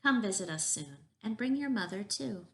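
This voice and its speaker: A woman voicing a cheerful, eager young female frog in a storybook reading, talking brightly and excitedly. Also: mid-range voice, moderate pace. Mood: fond.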